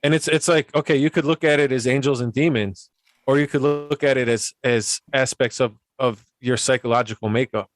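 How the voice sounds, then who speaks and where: A man's voice: mid-range voice, steady tone, brisk, dry recording. A man in a casual conversation, talking in an easygoing, agreeable way with frequent restarts. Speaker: podcast guest or host.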